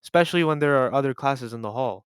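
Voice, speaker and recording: A man's voice: mid-range voice, quick pace, clean tone, no room sound, studio quality, natural voice. A young man voicing a disappointed male school principal while telling a story, speaking in a weary tone.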